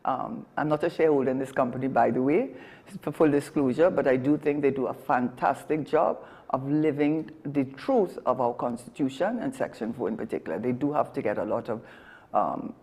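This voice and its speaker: A woman's voice: a bass voice, brisk, darkish tone, husky. A woman with a Trinidadian accent giving emphatic political commentary as a talk show guest, often correcting herself mid-sentence. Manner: emphatic, argumentative, frequent self-corrections.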